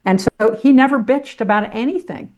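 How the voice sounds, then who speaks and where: A woman's voice: on the high side, normal speed, darkish tone. An older woman, a former sportscaster turned teacher, telling her life story as a podcast guest in a blunt, salty, self-mocking way. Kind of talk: candid personal storytelling.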